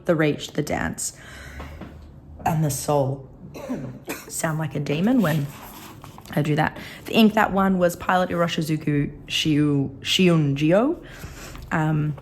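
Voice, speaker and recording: Aussie woman with a low croaky voice and a scratchy throat, rambling chatty pen review. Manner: chatty, rambling, softly admiring. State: coughing, slightly rough throat. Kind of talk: casual product review vlog.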